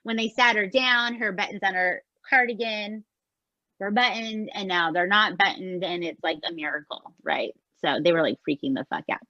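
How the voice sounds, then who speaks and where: Brief: expressive woman podcast host, dry close sound, somewhat muffled lo-fi recording. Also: mid-range voice, moderate pace, no echo. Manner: chatty and expressive, often says "right?". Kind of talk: casual chat recapping a show.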